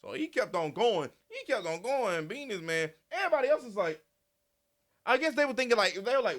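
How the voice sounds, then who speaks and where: Guy doing a laid-back commentary vid, kinda high voice, bounces up and down a lot, swears a bunch. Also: fast talker. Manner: animated, repetitive, swears freely. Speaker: commentary channel host. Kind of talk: casual commentary.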